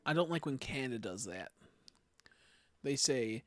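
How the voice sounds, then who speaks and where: A man's voice: medium pitch, animated, measured pace. A young man streaming live, chatting casually, laughing a lot, swearing freely and ranting in fun.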